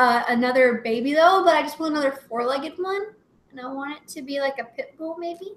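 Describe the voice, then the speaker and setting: Brief: high, bright young woman, giggly rambling chat host, echoey room. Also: slight background noise. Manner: giggly, rambling, full of "like" fillers. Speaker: livestream co-host. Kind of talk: casual chat. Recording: roomy echo.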